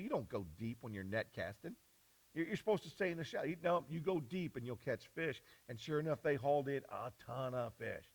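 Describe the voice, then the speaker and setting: A man preaching a sermon as pastor, retelling scripture as a story and swinging from hushed, low lines to loud, high ones. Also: poor audio.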